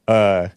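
A man's voice: a little mellow, dry recording. A man hosting a call-in talk show, rambling and laughing as he reads comments and takes calls. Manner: rambling, laughs often, restarts mid-sentence.

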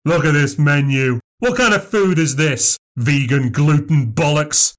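A man's voice: fairly high pitch, lively intonation, extremely slow, pitched above the performer's own voice, full character voice. A man voicing a dishevelled, drunk old man, bellowing and ranting in a story. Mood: drunken rage. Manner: shouting, ranting, slurred bellowing.

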